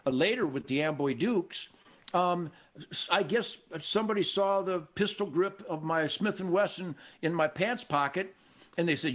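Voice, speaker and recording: An older man from Michigan hosting a show, telling stories in a cocky, animated way and acting out the voices of people he quotes. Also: high voice, normal speed. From Michigan, USA. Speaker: show host. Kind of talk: casual storytelling conversation.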